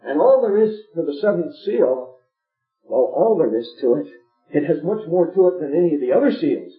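An emphatic male preacher with a fairly high voice hammers his points home through repetition. The sound is thin and phone-like, with a roomy echo. Faint music sits underneath. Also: very animated, normal speed. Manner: emphatic, repeats phrases for effect. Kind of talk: sermon. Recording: echoey phone-like old tape recording.

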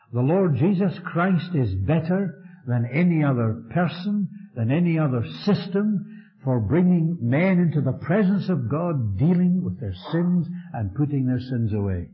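A man preaching with fervent emphasis, his voice sitting a little high and swinging widely as he builds and drops each phrase. The recording is dull and lo-fi, with a muffled top end. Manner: fervent, emphatic preaching with rising and falling delivery. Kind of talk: sermon.

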